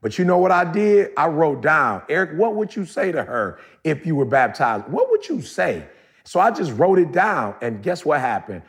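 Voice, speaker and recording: Gravelly, higher-voiced male storyteller. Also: normal speed. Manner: animated storyteller, colloquial, addresses listeners directly. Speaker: podcast co-host. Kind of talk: casual storytelling chat.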